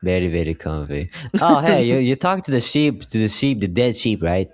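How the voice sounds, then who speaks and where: Young guy w a lowish voice, crude jokes, keeps restarting words, dry mic. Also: big pitch swings, moderate pace, a little mellow, dry recording. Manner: crude, joking, stammering restarts. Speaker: guest VTuber. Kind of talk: casual chat.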